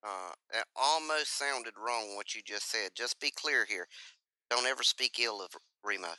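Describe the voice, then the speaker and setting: A man co-hosting a podcast cuts in with teasing comments. His voice is bright and sharp, recorded close with no room sound. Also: fairly low pitch, unhurried, no echo, low-quality recording. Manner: teasing interjections. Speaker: podcast co-host. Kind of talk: casual chat.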